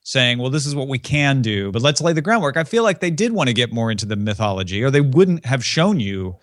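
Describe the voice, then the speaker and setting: A man with a mid-range voice talks things through on a podcast, pausing and restarting as he forms his views. The recording is dry and close, with no room sound. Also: mid-range voice, very animated, no room sound. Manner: thoughtful, hesitant restarts. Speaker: podcast co-host. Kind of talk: casual chat.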